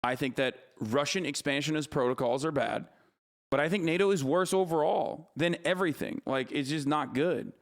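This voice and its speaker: A man's voice: fairly high pitch, moderate pace. A man streaming live, ranting heatedly about politics, cursing freely and answering his chat. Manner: heated, profane, argumentative. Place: streaming studio.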